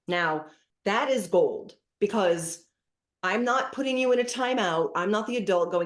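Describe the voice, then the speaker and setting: Middle-aged woman, guest expert, lowish voice, storytelling chat in an echoey room. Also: measured pace. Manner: animated storytelling, acting out dialogues. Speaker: parenting specialist guest. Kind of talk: casual interview chat.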